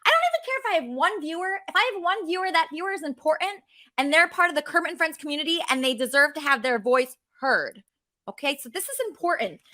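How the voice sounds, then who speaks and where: A woman's voice: sits high, lively intonation, fast talker, sharp tone. A woman hosting her own online show, delivering an indignant venting monologue to viewers and often tacking on "okay?". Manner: indignant, frequently adds "okay?". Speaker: show host.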